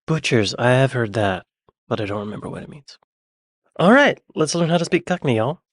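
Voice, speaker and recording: A man's voice: mid-range voice, lively intonation, brisk, no room sound. An American man hosting a reaction channel, thinking aloud and asking puzzled questions in casual commentary. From United States.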